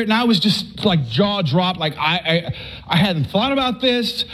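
Animated higher-voiced man telling his story. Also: unhurried. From Texas. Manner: animated storytelling with acted-out quotes and stammers. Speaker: speaker giving a faith testimony. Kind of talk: storytelling testimony talk to an audience.

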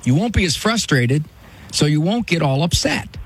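Husky guy on a radio advice show, talks straight, voice jumps all over. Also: on the high side, moderate pace. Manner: blunt, lively, mimics voices in quotes. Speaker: radio call-in host, psychologist.

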